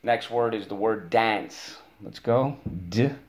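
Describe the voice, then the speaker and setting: A man's voice: on the low side, slow. A man teaching a spelling lesson to a child, patiently spelling words out letter by letter and giving encouragement.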